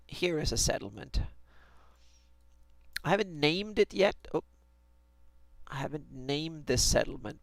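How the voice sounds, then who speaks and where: Man, gravelly, dry close mic, hesitant live-stream narration, thinking aloud. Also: mid-range voice, no echo. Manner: hesitant, many restarts and fillers. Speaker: fantasy map maker streaming his work.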